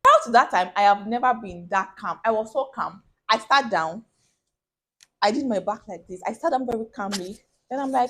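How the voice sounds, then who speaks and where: A young woman, telling a personal story to camera in a casual, animated way and acting out the people she quotes. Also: on the high side, moderate pace, slight background noise. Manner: animated, acts out quoted voices, bursts of laughter.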